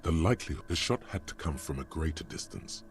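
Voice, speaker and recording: A man voicing the grave, measured narrator of a detective video game, with a deep gravelly voice. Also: expressive. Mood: somber.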